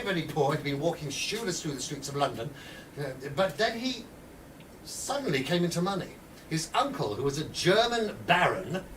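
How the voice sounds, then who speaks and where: Male storyteller, high and lively, talks straight to his audience; distant mic, faint room hum. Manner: lively, acts out voices, talks to listeners directly. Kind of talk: animated historical storytelling.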